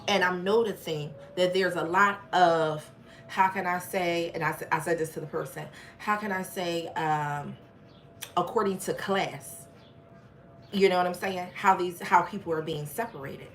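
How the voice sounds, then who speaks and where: A woman's voice: on the low side, moderate pace, a little hiss or hum. Emphatic woman telling a story to her viewers. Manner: emphatic, talks straight to viewers; animated, frank storytelling. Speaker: channel host. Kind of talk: storytime livestream.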